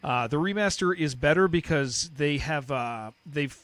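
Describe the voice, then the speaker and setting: A young man from San Diego with a Californian accent chats casually and rambles while live-streaming a game. His voice is a little high, animated, and a bit bright at a moderate pace, and he restarts sentences and says "dude" a lot.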